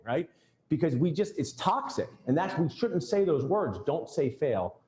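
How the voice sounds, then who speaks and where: With a fairly high, darkish voice, a very animated man speaks at a moderate pace as he coaches a group at a dental practice workshop. He jokes and talks right to the attendees, and the event room produces a roomy echo.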